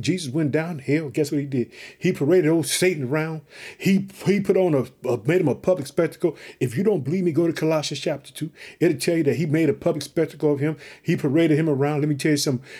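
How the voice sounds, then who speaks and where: A man from Chicago preaches on his own podcast with fervent, repeated call-outs to his listeners. His voice is husky and dark-toned, sitting a little high for a man. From Chicago, Illinois. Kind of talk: sermon.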